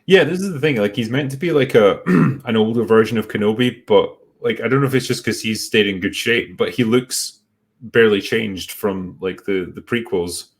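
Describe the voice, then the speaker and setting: Laid-back man with a low voice. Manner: laid-back, halting with many ums, wry. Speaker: host. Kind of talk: casual chat reading superchats.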